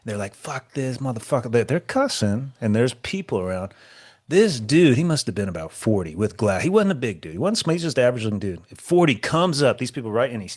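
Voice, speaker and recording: A man hosting a podcast, telling an animated story with swearing and stammered restarts. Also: mid-range voice, dry recording, studio quality. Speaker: podcast host. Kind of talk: casual podcast chat.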